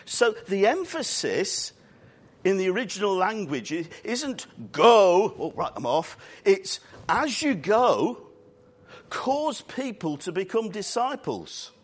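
A man preaching a sermon in church, earnest and emphatic, drawing out key words and adding quick asides. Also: sits high, big pitch swings.

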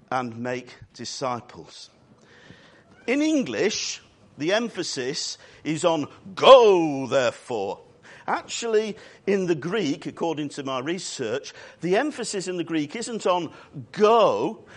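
A man preaching a sermon in church, earnest and emphatic, drawing out key words and adding quick asides. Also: sits high, husky.

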